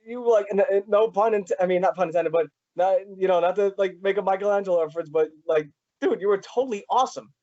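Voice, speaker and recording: A man's voice: high-pitched, fairly even intonation, quick pace, hardly any pauses, mellow. A young man hosting an interview, eager and rambling with many fillers. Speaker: podcast host. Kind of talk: casual interview chat. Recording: dull lo-fi sound.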